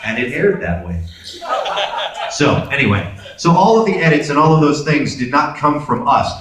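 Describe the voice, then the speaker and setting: Animated Brooklyn man in an echoey hall. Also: mid-range voice, moderate pace, far from the mic, a crowd in the background. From Brooklyn, New York. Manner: animated, acts out dialogue in voices. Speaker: convention panel guest. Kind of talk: convention Q&A storytelling. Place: large convention hall. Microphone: camera in the audience, far from the speaker.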